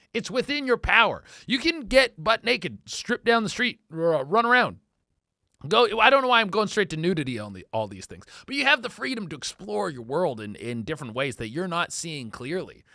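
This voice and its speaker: Brief: lively, bright-voiced male comedian riffing on clips, dry close sound. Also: mid-range voice, no room sound. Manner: animated, profane, acts out voices. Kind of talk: casual reaction commentary.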